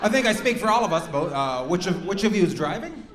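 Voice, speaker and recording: A brash male stand-up comic working the crowd, his voice a little high and very lively in pitch. He swears freely and needles people in the front rows. The room sounds echoey, with a loud audience and noise behind him. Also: fast. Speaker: stand-up comedian. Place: comedy club with live audience.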